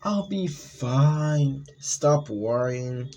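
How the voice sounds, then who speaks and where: A syrupy, high young woman's voice that teases and mocks, a flesh-eating creature posing as a sweet girlfriend. A man puts her on for a horror story. The sweetness never feels quite safe. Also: animated, drawn-out words, mellow, slight background noise. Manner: high, sugary, mocking.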